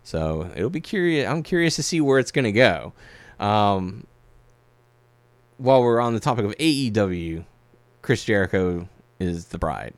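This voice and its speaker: A man's voice: fairly low pitch, a little slow, no echo. A man co-hosting a podcast, chatting casually with lots of fillers and sometimes reading news aloud. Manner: relaxed, filler-heavy, reads articles aloud. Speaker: podcast co-host. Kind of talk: casual chat about wrestling news.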